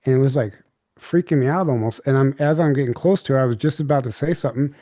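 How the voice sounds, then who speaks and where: A man speaking as an interview guest, winding through a story with lots of fillers and false starts. His voice is mellow and dark in tone. The sound is dry and close, with no room around it. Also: medium pitch, quick pace, no room sound. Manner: rambling, filler-heavy recounting with many restarts. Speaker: podcast guest. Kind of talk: candid storytelling.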